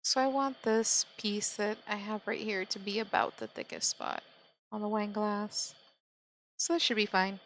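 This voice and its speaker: A woman calmly talking through a software modeling tutorial step by step, thinking aloud as she works. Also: mid-range voice, unhurried, low-quality recording. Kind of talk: screen-recorded software tutorial narration.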